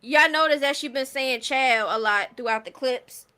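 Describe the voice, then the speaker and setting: A woman's voice: high-pitched, moderate pace, bright, forceful tone, clean tone. A woman hosting a stream, giving blunt, exasperated gossip commentary straight to her viewers. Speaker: stream host commenting on clips.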